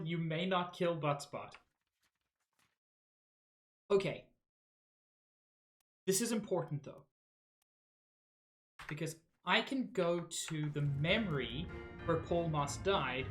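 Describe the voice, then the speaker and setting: Low-voiced woman thinking aloud. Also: a little slow, pauses often, soft background music. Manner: casual, musing, self-mocking, mild swearing. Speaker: streamer. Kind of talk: thinking aloud while playing a game live.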